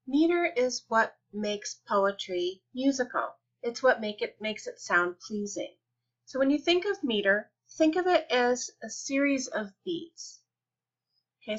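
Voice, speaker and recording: Bright-voiced woman teaching a lesson. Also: a little high. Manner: patient, deliberate, stretches example words slowly. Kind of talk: explanatory lesson. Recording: dull lo-fi recording.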